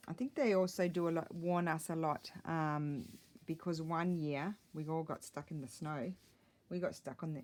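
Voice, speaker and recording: Woman, middle-aged, low-ish voice, rambling crafting chat into a tablet mic. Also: a little mellow. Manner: rambling, chatty, self-deprecating. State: a little out of breath. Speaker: crafting vlogger. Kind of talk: casual chat while crafting. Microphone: tablet camera mic.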